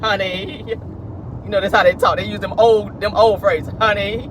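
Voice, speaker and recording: A man hosting a casual celebrity gossip vlog from his car, talking with animated, laughing, playful sass. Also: sits high, a little slow, noisy background. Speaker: host.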